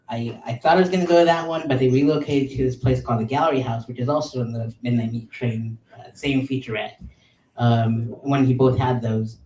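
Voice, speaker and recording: A man in his thirties casually telling a long personal story on a podcast, animated and full of likes and ums. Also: medium pitch, slight background noise. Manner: animated, filler-heavy with many likes and ums. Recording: roomy sound, mic at a distance.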